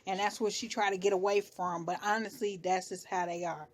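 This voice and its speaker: Female vlogger, casual recap talk, slangy, animated delivery. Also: mid-range voice, fairly quick. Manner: chatty, animated, slangy, shifts into quoted voices.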